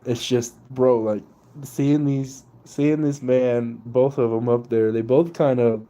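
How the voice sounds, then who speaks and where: A man's voice: medium pitch, steady tone, slow pace, warm tone. A young man ranting casually and profanely, with slang and laughter. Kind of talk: casual political rant.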